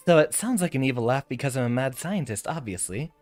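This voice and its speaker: A VTuber streamer with a mid-range, somewhat mellow male voice plays a fighting game live. He chats and thinks aloud as he goes, laughing now and then.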